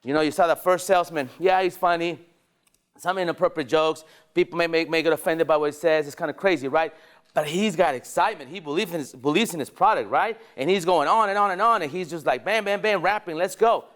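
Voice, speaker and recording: A man leading a sales training session at a dealership, energetic and rallying, firing questions at the staff in the room. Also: on the high side, fast.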